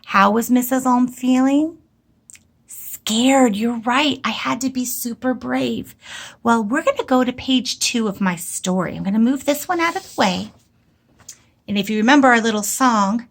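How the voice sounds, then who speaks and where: A woman teacher giving an early-grade writing lesson, talking slowly in a sing-song way and stretching out words for young children. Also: fairly high pitch.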